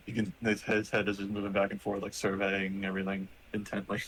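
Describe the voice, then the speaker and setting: Low-voiced man, loose, filler-heavy game narration. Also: monotone, quick pace, fairly bright tone, slight background noise, low-quality recording. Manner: rambling, many "like" fillers. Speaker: player narrating a robot character. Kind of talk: casual tabletop narration.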